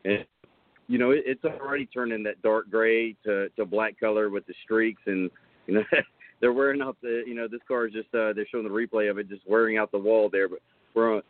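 A man co-hosting a live sports talk show, speaking hesitantly with many pauses. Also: on the low side, steady tone, dry recording. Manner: hesitant, many fillers and restarts. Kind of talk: casual live show chat. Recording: dry tinny phone-like line.

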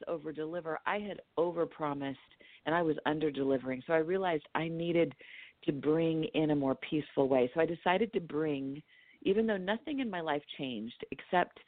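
A lower-pitched woman from California tells a personal story as a podcast guest. She's animated, slipping into the voices of the people she quotes. The sound is thin and tinny like a phone line, with no room echo at all. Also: moderate pace. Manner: animated storyteller who acts out her own quotes. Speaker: dream therapist and author, podcast guest. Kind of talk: storytelling in a conversational interview.

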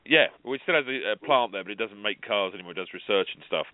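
A low-voiced man talks as a guest author, rambling through anecdotes and often restarting his sentences. The sound is thin and phone-like, with no room around it. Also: lively intonation, fast, no echo. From England. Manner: rambling, self-correcting storyteller. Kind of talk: casual radio interview. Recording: narrow phone-like line, dry.

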